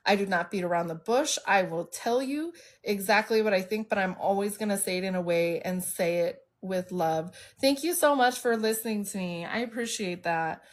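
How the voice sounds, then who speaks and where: A woman's voice: mid-range voice, moderate pace, few pauses. A woman in her thirties, hosting a live stream, telling her own recovery story openly and bluntly, sounding stuffy from allergies. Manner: open and emotional, speaks bluntly. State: congested from allergies. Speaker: livestream host. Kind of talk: candid personal storytelling.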